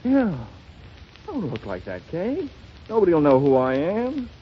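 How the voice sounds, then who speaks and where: An actor in a 1930s radio drama playing a broke young actor who jokes, teases and stammers sheepishly. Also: male voice, on the high side, wildly swooping pitch, measured pace, breathy edge, exaggerated voice. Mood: wry. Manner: wry, stammering, teasing. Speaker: struggling actor, husband. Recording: dull 1930s radio broadcast, light hiss.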